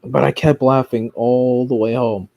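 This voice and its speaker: With a gravelly, warm, mid-range voice, this streamer talks steadily and unhurriedly in a recording with no room sound. His casual commentary is rambling and profane, with many fillers and restarts.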